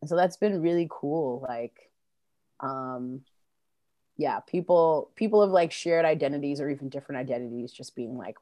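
A woman in a punk band chatting casually in an interview, loose and profane, full of fillers and quick laughs. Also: low-pitched, dark tone, no echo.

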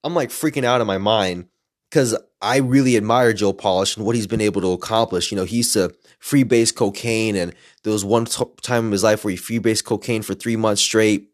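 A man casually telling a story as a podcaster, excited and animated, acting out what people said. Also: on the low side, brisk, no room sound, studio quality. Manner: excited, animated retelling with quoted voices.

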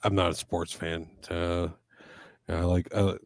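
Casting: a man with a low voice, loose rambling co-host who curses and stumbles over his words, dry sound. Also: flat delivery, unhurried, no room sound. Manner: rambling, swears freely, many restarts. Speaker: podcast co-host. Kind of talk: casual podcast chat.

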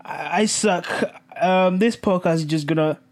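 A young man hosting a casual solo podcast, animated and self-mocking, laughing often as he stumbles through broken French phrases. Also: high-pitched, moderate pace. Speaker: podcast host.

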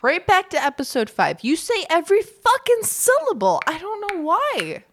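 Drunk, giggly young woman swearing loudly. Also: extremely high pitch, huge pitch swings, normal speed, a little hiss or hum. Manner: loud, profane, giggly. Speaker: podcast co-host. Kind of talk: tipsy casual chat.

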